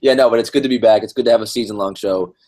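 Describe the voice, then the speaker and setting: A man's voice: lowish voice, fairly even intonation, rapid-fire, a little mellow. A man co-hosting a podcast in casual chat, teasing his partner and laughing easily. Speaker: podcast co-host.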